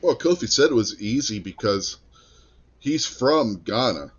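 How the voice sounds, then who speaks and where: A man's voice: medium pitch, a little slow, breathy edge, dull audio. Man telling stories in a casual chat. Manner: animated storyteller, acts out quotes. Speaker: podcast co-host.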